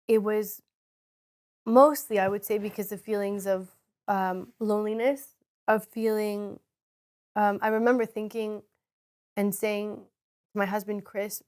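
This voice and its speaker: A woman's voice: mid-range voice, a little mellow. A woman co-hosting a podcast, sharing a personal story in a hesitant, reflective way. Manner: slow, reflective, hesitant with many ums. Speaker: podcast co-host.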